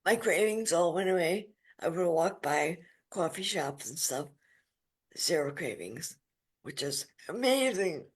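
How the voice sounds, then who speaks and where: A woman in her forties, a podcast guest, telling her story in a lively, emphatic way. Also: fairly low pitch, unhurried, breathy edge. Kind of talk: casual interview storytelling.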